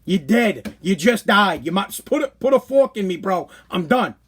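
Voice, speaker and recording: A middle-aged man hosting a podcast, giving blunt, animated advice with lots of repetition. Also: high-pitched, moderate pace, husky. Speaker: podcast host. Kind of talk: casual livestream monologue.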